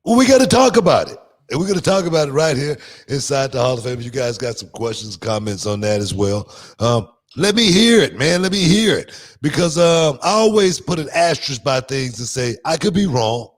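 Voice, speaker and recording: A man hosting a casual podcast, his voice sitting in an ordinary middle range. He talks loosely and leans on fillers, then turns lively when he tells a story. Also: mid-range voice, a little fast. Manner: loose, filler-heavy, drawling delivery; lively, animated when telling stories. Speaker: podcast host.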